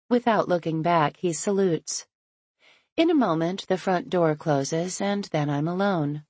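A woman's voice: on the low side, unhurried, a little mellow, dry recording. A woman narrating a first-person romance audiobook in an intimate, playful storytelling manner.

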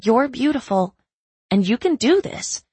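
A woman voicing an excited, gushing female friend and agent who talks with bubbly, pushy enthusiasm. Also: fairly high pitch, unhurried, husky, no echo, pitched above the performer's own voice, heavily acted.

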